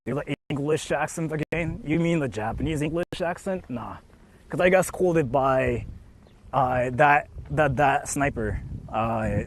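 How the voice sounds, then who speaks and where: A young man with a mid-range voice walks around outdoors, chatting loosely with his live-stream viewers over slight background noise. His talk rambles, packed with "like" and restarts.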